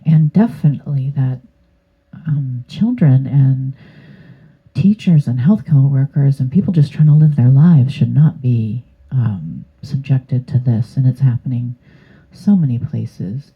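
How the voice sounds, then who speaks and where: A woman's voice: extremely low pitch, measured pace, breathy edge. A woman giving a casual tarot reading to her channel, rambling and hesitant with many fillers. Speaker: tarot reader. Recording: tinny phone-like sound.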